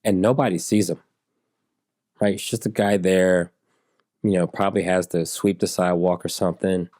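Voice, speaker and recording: A man in his forties, an interview guest, telling stories in a relaxed way and acting out the people in them. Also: deep voice, moderate pace, dry recording, clean studio sound. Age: 40s. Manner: animated storyteller who acts out dialogue in raised voices. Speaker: interview guest, software engineer.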